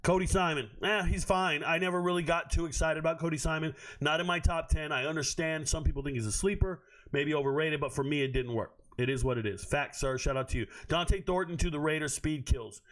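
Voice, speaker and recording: A man's voice: fairly high pitch, a little fast, few pauses, a bit bright. A man hosting a live stream, ranting at his chat in a brash, profane, confrontational way.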